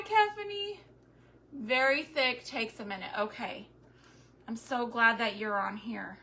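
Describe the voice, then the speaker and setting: A woman's voice: fairly high pitch, pushed and bright, a little hiss or hum. Chatty woman livestreaming. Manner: chatty, greets viewers by name, thinks aloud. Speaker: homestead DIY livestreamer. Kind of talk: casual livestream chat while crafting.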